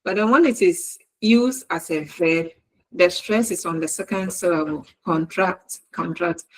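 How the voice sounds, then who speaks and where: A woman with a Ghanaian English accent delivers a recorded university lecture, speaking slowly and deliberately and repeating her examples word for word. Her voice sits in the mid range, and the audio quality is poor.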